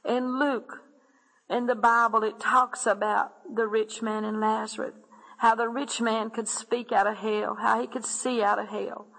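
A woman's voice: a little high, little pitch movement, a little slow, creaky, fairly bright tone, long reverb tail, low-quality recording. A woman earnestly narrating a dramatic religious testimony, often speaking directly to her listeners. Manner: earnest, addresses listeners as "my friend".

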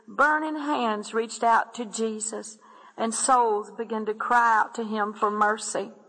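A woman's voice: fairly high pitch, steady tone, measured pace, a bit bright, long reverb tail, low-quality recording. A woman earnestly narrating a dramatic religious testimony, often speaking directly to her listeners. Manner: earnest, addresses listeners as "my friend".

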